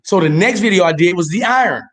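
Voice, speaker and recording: High-voiced joking comedian man. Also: fast talker. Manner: loud, animated joking with bursts of mock outrage. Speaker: comedian guest. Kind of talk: casual podcast interview.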